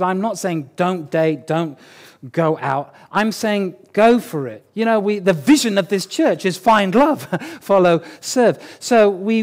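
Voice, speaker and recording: A man with a fairly high voice preaches to his church in a relaxed, talky way. He slips in jokes and leans on repeated words to drive his points home. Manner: conversational and joking, repeats key words for emphasis. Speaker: pastor. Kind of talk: sermon.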